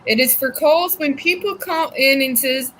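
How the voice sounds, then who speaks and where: Female guest, high pitch, unhurried exasperated chat, faint background noise. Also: fairly bright tone, low-quality recording. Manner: exasperated storytelling about call-center work. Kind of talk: casual chat.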